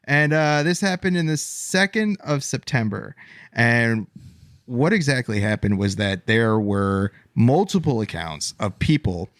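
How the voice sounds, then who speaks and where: A man's voice: medium pitch, lively intonation, unhurried, no room sound, studio quality. A man hosting a casual podcast, talking through a case with many fillers and stumbles. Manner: rambling, stumbles over names, many fillers. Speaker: podcast host presenting the case. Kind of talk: casual chat.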